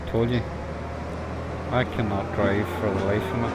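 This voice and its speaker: Chatty man over loud noise. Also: lowish voice, steady tone, measured pace. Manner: chatty, teasing banter while driving. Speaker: live streamer playing a bus-driving game. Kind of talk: casual live-stream chat.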